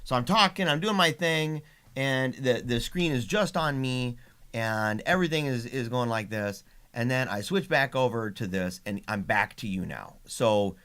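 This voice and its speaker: Chatty middle-aged man hosting a livestream, mid-pitched, laughs easily, restarts often. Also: moderate pace, fairly bright tone. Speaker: livestream host and father. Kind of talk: casual livestream chat.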